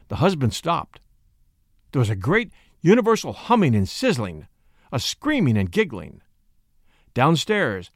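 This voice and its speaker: Expressive male storyteller, dry close sound. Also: mid-range voice, no echo. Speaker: narrator. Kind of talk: audiobook reading.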